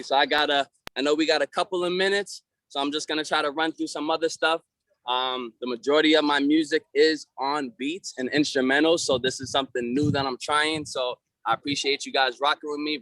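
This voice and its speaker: Young Boston-accented male poet, rhythmic and confident, a little high-pitched, very dry sound. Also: steady tone, a little fast, sharp tone, no room sound. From Massachusetts, US. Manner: rhythmic, confident, chanting rhyme delivery. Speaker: featured poet and recording artist. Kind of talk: performing rhymed spoken-word verses, hyping the audience.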